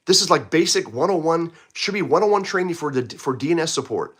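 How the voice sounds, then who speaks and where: A man ranting casually to his viewers, frustrated and rambling, often restarting his sentences and jumping up in pitch when he gets worked up. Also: expressive, brisk, few pauses, fairly bright tone, slightly rough. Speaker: video blogger. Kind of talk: casual rant to camera. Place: home in Poland.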